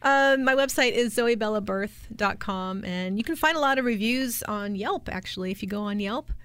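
Calm explanatory woman guest. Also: mid-range voice, normal speed, smooth, dry recording. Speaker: guest, doula and placenta encapsulator. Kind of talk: podcast interview.

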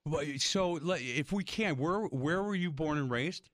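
A man's voice: fairly high pitch, a little slow, dry recording, studio quality. An older man hosting a casual radio interview, telling stories and acting out the people in them. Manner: animated storyteller, acts out quotes. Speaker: radio host.

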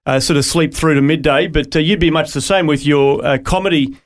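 A man's voice: a little high, fairly even intonation, brisk. A man hosting a radio interview, chatty and hesitant with many fillers. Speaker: radio host.

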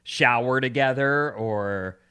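A man's voice: medium pitch, slow, pushed and bright, clear, resonant tone. A man co-hosting a radio show, chatting casually and reading out offbeat news stories. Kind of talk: casual chat.

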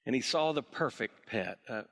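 A senior pastor preaching a sermon to his congregation, telling a joke story in an animated way. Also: mid-range voice, moderate pace, gravelly, big-room sound. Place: church sanctuary.

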